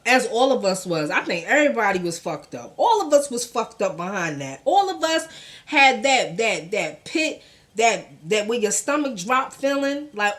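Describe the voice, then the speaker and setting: A woman's voice: fairly high pitch, fairly bright tone. A woman hosting a casual gossip commentary show, blunt and profane, talking in with laughing asides.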